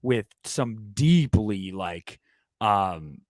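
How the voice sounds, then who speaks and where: A man co-hosting a casual horror talk stream, animated and emotional, swearing now and then. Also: on the low side, extremely slow, dry recording, clean studio sound. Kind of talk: casual chat.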